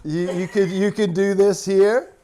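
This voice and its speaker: A man's voice: high-pitched, steady tone, measured pace, mellow. A man hosting his channel, casually retelling funny clips and laughing at his own stories. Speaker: minister and channel host. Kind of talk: casual storytelling chat.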